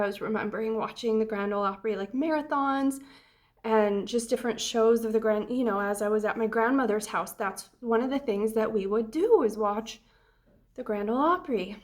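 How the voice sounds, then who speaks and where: Young adult woman vlogger, somewhat high voice, chatty and heartfelt with plenty of ums. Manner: chatty and emotional, many ums and restarts. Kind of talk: casual travel vlog.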